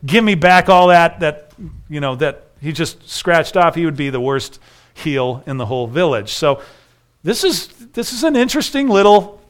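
A middle-aged man preaching a sermon, telling a story with animated voices for the figures. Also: fairly high pitch, smooth. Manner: animated storytelling, acts out dialogue. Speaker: pastor.

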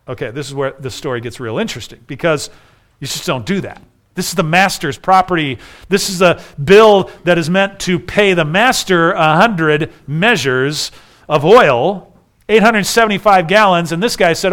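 A middle-aged man preaching a sermon, telling a story with animated voices for the figures. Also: a little high, normal speed. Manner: animated storytelling, acts out dialogue. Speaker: pastor.

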